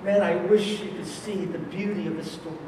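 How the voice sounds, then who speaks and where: A male pastor preaching a sermon at a conference, telling a story slowly and with passion, swinging between loud and hushed. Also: sits high, fairly even intonation, background noise. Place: large conference hall. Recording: echoey hall from far off.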